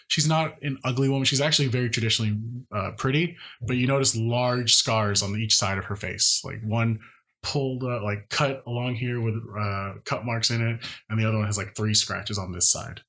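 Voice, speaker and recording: Casting: man of mid pitch, easygoing game master, describes scenes with frequent fillers. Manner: relaxed, many fillers. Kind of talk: narrating a tabletop game.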